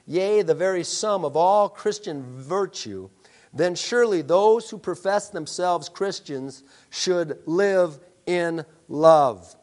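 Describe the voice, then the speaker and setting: A male pastor preaching a sermon, emphatic, with rhetorical questions to the congregation. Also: sits high.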